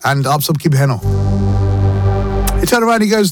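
A man's voice: fairly high pitch, lively intonation, moderate pace, pauses often, no room sound, soft background music. A man hosting a radio show, chatting casually with playful mock-heartbroken teasing. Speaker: radio host. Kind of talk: casual radio chat over music. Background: songs playing underneath.

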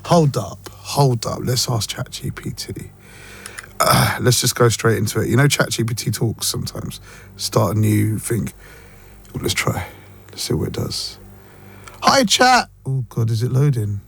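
A man with a London accent hosting a radio show, chatting casually and playfully, quick to laugh. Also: mid-range voice, sing-song, vocal fry, fairly bright tone, slightly rough. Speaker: radio host. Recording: dry studio with faint music.

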